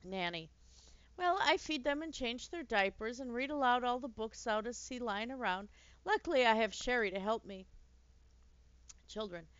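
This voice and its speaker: A woman voicing a sweet elderly working-class nanny who talks gently in old-fashioned speech, with a touch of bitterness. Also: fairly high pitch, expressive, moderate pace, clear, resonant tone, no room sound. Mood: gentle. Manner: gently chatty, archaic speech, mildly bitter. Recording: dull lo-fi dry recording.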